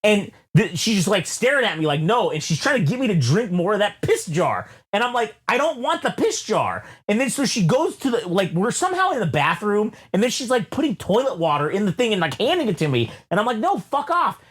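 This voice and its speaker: A man co-hosting a casual album review chat, telling a long story with lots of swearing and laughter, jumping into loud high-pitched voices when he quotes himself. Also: sing-song, quick pace, few pauses, husky. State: sweaty. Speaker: podcast co-host reviewing an album.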